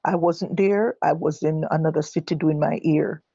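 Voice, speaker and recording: An older Jamaican woman giving personal testimony, halting and correcting herself as she recalls what others said. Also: sits low, steady tone, vocal fry, warm tone, husky, no room sound, muffled recording. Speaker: guest telling her own story. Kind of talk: personal testimony told live.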